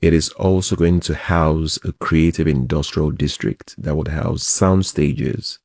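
Very deep gravelly man. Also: steady tone, a little mellow, no echo, clean studio sound. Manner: measured, expansive, visionary. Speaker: creative project founder. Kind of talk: interview answers.

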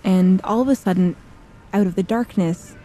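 Woman telling a suspenseful story, mellow tone. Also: mid-range voice, normal speed. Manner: vivid, suspenseful storytelling with casual asides. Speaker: podcast host and narrator. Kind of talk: scripted narrative storytelling. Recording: faint music underneath.

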